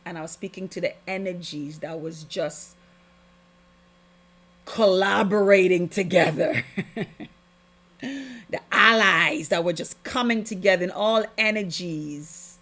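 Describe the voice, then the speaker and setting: Slow, impassioned woman giving spiritual testimony. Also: lowish voice, a bit bright. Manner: impassioned, preachy, emphatic. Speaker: podcast host.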